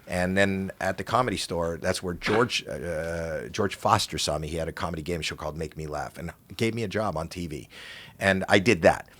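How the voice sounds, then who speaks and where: An older man from Canada, a podcast guest, telling animated stories in casual chat with rambling restarts. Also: low voice, moderate pace, slight background noise.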